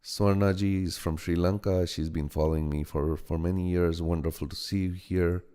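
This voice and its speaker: Low-voiced man with American-Indian accent. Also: fairly even intonation, smooth, long reverb tail. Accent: American-Indian mix. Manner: halting, frequent ums and restarts, greets each viewer warmly by name. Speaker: host of a live meditation stream. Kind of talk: live-stream greetings to viewers. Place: home studio.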